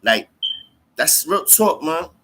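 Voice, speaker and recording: On a livestream, a man tells a story to his viewers in casual street slang, cursing freely, repeating lines for emphasis, and calling listeners bro and twin. His voice runs on the high side, bright and forceful, swinging widely in pitch while he takes it slowly.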